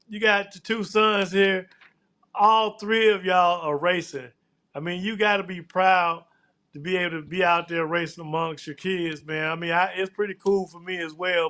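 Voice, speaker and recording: A man's voice: high voice, pushed and bright. A man hosting a live show, chatting loosely and tossing in "man" and "look here" all the time. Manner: casual, drawn-out, repeats "man" and "look here". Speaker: host.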